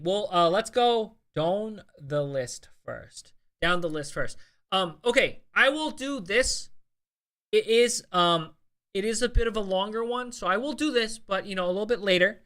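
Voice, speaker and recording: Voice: mid-range voice, a bit bright. A young adult streamer chatting casually with viewers, swearing often and full of fillers and restarts. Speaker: streamer host. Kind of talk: casual live-stream chat.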